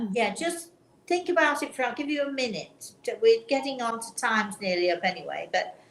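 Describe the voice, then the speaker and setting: A woman hosting a chat show, telling a personal story in an earnest, gentle way and often restarting her sentences. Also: on the high side, expressive, normal speed. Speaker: talk show host. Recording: roomy sound with faint background noise.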